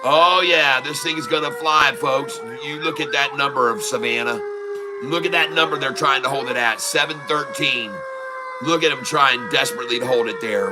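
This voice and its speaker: A man giving excited live commentary on his own stock trades, hyping the moves like a showman and repeating prices over and over. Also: mid-range voice. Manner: showman hype, drawn-out exclamations, repeats prices. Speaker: day trader streaming live.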